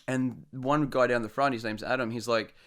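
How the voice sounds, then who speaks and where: A young man, a podcast co-host, telling stories in animated casual chat and laughing often. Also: medium pitch, normal speed.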